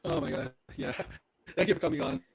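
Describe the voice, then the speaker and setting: A man hosting a casual chat, relaxed and laughing easily along with his guest. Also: fairly high pitch, brisk, gravelly, slightly rough. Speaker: host.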